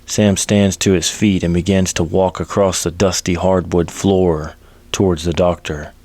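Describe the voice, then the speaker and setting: A man reading a western story aloud in a steady, plain narration. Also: deep voice, measured pace, dry recording.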